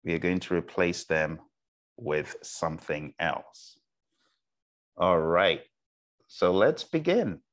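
A man teaching an exam prep lesson, talking slowly on purpose and often checking in with "okay?" and "all right?". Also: deep voice, big pitch swings. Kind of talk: recorded online lecture.

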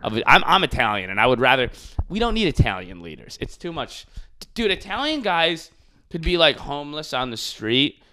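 A man's voice: medium pitch, big pitch swings, brisk, pushed and bright. Crude, ranting male podcast host. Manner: crude, sarcastic ranting with frequent "dude". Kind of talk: casual comedic chat.

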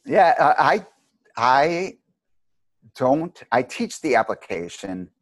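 A middle-aged man, a martial arts teacher, telling long anecdotes in a rambling, animated way with many restarts. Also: medium pitch, takes it slowly, no echo. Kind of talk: casual storytelling interview.

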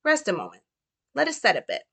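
A woman reading the lines of a gentle, caring male chiropractor from a film in her own voice. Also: fairly high pitch, wildly swooping pitch, fast talker, creaky, husky, voice pushed up, heavily acted.

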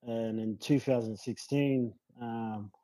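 A man, a rugby league player telling his story as a guest in a casual interview, relaxed and rambling with lots of fillers. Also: medium pitch, slow, dry recording, low-quality recording. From New Zealand.

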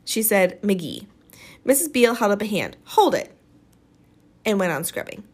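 A woman reading a novel aloud, expressive and dramatic in her storytelling. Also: mid-range voice, fast talker, husky. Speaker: audiobook reader.

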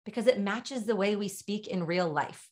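Middle-aged woman teaching a sales writing webinar, emphatic and chatty, direct, mid pitch. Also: normal speed. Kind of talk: webinar training talk.

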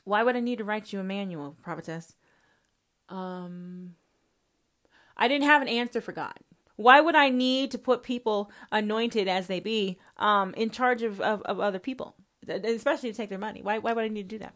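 A woman's voice: medium pitch, fairly quick, a bit bright. A woman hosting a podcast, talking in a confrontational monologue that is full of swearing and speaks straight to the listener. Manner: confrontational, swears constantly, addresses listener directly. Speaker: podcast host. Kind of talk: profane monologue.

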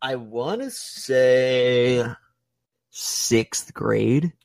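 A man's voice: extremely slow, gravelly, darkish tone, no room sound. Young man telling crude stories, dry mic. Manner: crude, profane, playful storytelling; acts out voices with big pitch jumps. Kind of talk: casual storytelling chat.

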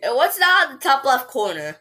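A woman hosting a casual podcast chat, giggly and playful, often breaking into squeals and shouts. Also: sits high, big pitch swings, a little fast. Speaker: podcast host.

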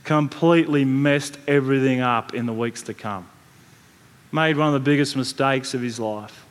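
A man's voice: medium pitch, normal speed. Man preaching in a reverberant hall. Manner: conversational storytelling with frequent restarts and repeated words. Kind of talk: sermon. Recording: long reverb from a large hall.

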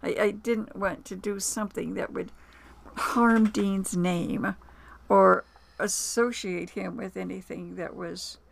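A woman with a gravelly, creaky edge to her voice speaks as an interview guest. She tells personal stories in a reflective, conversational way, with small hesitations and acted-out quotes. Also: mid-range voice, steady tone, slow pace. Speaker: author and producer, interview guest. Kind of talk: conversational storytelling.

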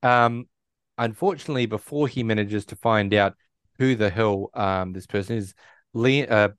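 A man with a somewhat low voice recaps a movie in casual conversation, stumbling and restarting as he goes. The sound is dry and close, with no room around it. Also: moderate pace, clean tone, no room sound. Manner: rambling storyteller, many restarts and quoted lines. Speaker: podcast co-host.

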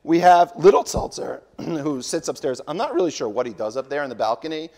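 A man's voice: fairly high pitch, sing-song, a little fast, darkish tone. A man teaching a comedic parody of a daily Talmud class, rambling and breaking off into jokey asides and corrections of himself. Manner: jokey, mock-serious.

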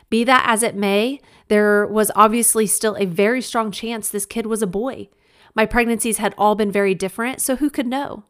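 A woman's voice: mid-range voice, fairly even intonation, moderate pace, a bit bright, clear, resonant tone. A woman narrates her own book in an audiobook reading. Her delivery is frank and emphatic, with a wry sense of humor. She speaks directly to the listener in a conversational way.

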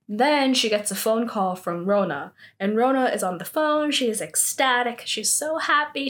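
A woman's voice: on the high side, normal speed, hardly any pauses. Chatty woman recapping a drama. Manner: chatty, heavy use of 'like' fillers. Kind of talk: casual plot recap.

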